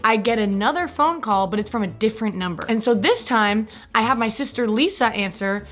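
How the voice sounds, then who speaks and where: A young woman from California telling a personal story in a casual, animated vlog style, full of fillers. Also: fairly high pitch, fairly quick, soft background music. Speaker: vlogger.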